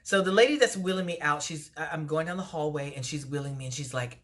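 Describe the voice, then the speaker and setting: A woman entertainer telling a personal story in a casual storytime vlog, animated and laughing often. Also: sits low, quick pace. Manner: animated retelling with frequent laughs.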